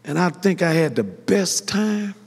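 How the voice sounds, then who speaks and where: A Detroit pastor preaches in a church sanctuary, rising to hollering peaks and calling on the congregation to respond. His voice is high, gravelly, and breathy, with big pitch swings and a slightly slow delivery. The reverberant church hall echoes around him.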